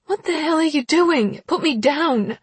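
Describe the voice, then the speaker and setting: A woman voicing a fiery young woman in an audiobook, snapping out sharp, indignant outbursts in a husky voice. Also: mid-range voice, normal speed, no echo. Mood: angry.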